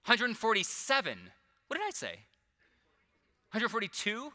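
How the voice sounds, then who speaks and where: High-pitched and sharp, this man's voice swoops wildly in pitch while keeping a measured pace. He's performing comedic mind reading live on a large convention stage, chatty and self-deprecating, often laughing with audience volunteers.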